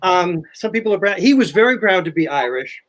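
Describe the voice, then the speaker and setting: An older man chatting as a historian guest, telling history stories in a lively, animated way. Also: high-pitched, a little fast. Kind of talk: casual history chat.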